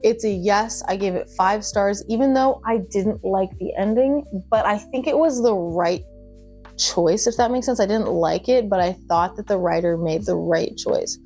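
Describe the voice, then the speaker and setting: Young adult woman, casual book vlogger, gushy and chatty, medium pitch, faint music bed. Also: normal speed, warm tone. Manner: chatty and gushing, with laughs and asides. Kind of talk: casual chat.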